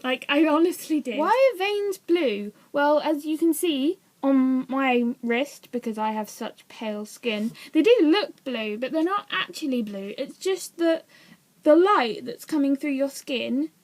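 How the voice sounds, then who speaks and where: A young woman with a high-pitched, lively voice vlogs at a measured pace, chatting casually to the camera. She rambles, hesitates often, and pokes fun at herself.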